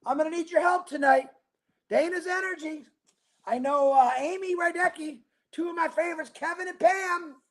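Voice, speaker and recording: A man hosting a casual livestream, rambling upbeat as he greets viewers by name, talking fast and a bit mumbled. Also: very high voice, fairly bright tone. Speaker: livestream host. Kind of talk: casual livestream chat reading viewer comments.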